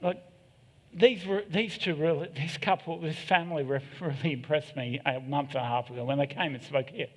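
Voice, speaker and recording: A middle-aged man with a slightly high voice preaches at normal speed in a church hall with a long echo. His sermon is candid and self-deprecating, broken up by joking asides.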